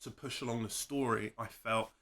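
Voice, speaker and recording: Bright-voiced enthusiastic man. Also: mid-range voice, fairly even intonation, moderate pace, gravelly. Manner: enthusiastic, gushing, laughs while talking. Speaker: film review co-host. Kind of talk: casual film review chat.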